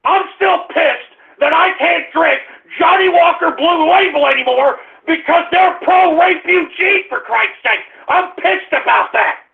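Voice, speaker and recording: Angry cursing male radio host, very high gravelly voice, tinny phone-like sound. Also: a little slow, hardly any pauses. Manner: angry, exasperated, cursing, shouting at listeners. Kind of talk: ranting at a live chat room.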